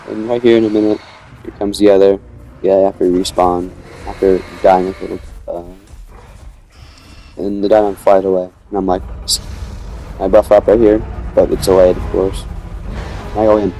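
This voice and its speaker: A man's voice: low voice, flat delivery, normal speed, pauses often, dark tone, slight background noise. A young man casually narrating his own dinosaur gameplay, rambling as he tells the story and acting out quoted lines.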